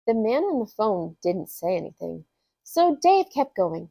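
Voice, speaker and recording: A woman reading a funny story aloud as a storyteller, with an expressive, unhurried delivery. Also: medium pitch, vocal fry, no room sound.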